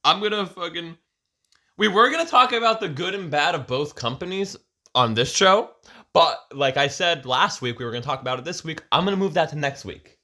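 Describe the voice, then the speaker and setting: A man's voice: on the high side, fairly quick, bright, forceful tone. A man hosting a podcast in casual chat, rambling and profane, often restarting his sentences. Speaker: podcast host.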